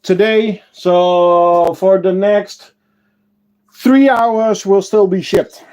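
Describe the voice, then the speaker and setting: A man hosting a casual livestream, chatting with viewers and answering their comments, unhurried and full of fillers and self-corrections. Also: high voice, steady tone, darkish tone, smooth. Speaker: ant-keeping channel host and shop owner.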